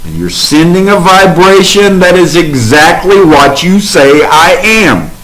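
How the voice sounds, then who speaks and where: Slow, emphatic man preaching affirmations. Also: high-pitched, very animated, fairly bright tone, poor audio. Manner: slow, emphatic, repeats affirmations in rhythmic lists. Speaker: speaker in a spiritual sharing session. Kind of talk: spiritual testimony and exhortation.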